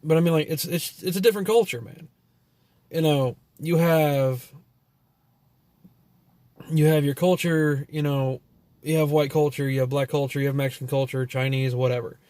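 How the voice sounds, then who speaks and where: A man's voice: a little high, steady tone, normal speed, pauses often, mellow, no room sound. A man telling a long story as a vlogger in a casual, profane rant that rambles and is full of "you know" and "like".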